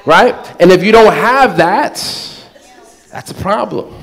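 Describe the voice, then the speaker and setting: Male preacher, high voice, lively and playful in delivery. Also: slow, vocal fry. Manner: animated, playful, acts out quoted voices with laughter. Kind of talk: sermon.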